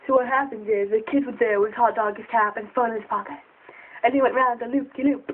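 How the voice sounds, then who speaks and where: A young girl telling funny stories to camera, giggly and excitable, often jumping into squeaky voices. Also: fast talker, a little hiss or hum. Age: child. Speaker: storyteller. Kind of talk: casual storytelling to camera. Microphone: phone. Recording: tinny phone recording.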